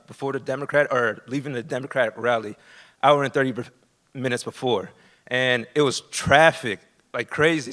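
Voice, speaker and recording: Male storyteller, from Florida, bright tense voice, nervous, lots of fillers, live theater stage. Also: mid-range voice. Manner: nervous, halting with many fillers.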